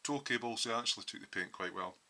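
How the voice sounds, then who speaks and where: A man talks through his model build in a home workshop, pausing often with ums as he explains each step. His voice sits very low but has a sharp, bright edge. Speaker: hobby scale modeller. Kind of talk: casual workshop build walkthrough.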